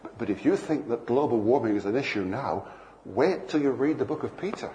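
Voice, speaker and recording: A man's voice: medium pitch, lively intonation, fairly quick, mellow, highs cut off, slight background noise. An older man preaching a sermon, telling playful anecdotes and acting out bits of dialogue.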